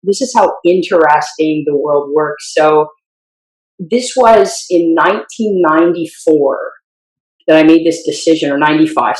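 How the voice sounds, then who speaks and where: A woman's voice: low-pitched, reverberant, low-quality recording. A woman in her forties, a strength coach and professor, telling stories in a podcast interview. She acts out the lines she quotes and laughs easily.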